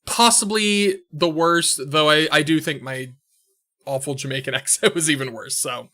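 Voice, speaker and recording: A man's voice: fairly high pitch, moderate pace, bright, forceful tone. A man streaming a game, loosely joking, swearing often and reading game dialogue aloud. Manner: loose, swears a lot, jokey. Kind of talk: casual let's-play commentary with read-aloud game dialogue.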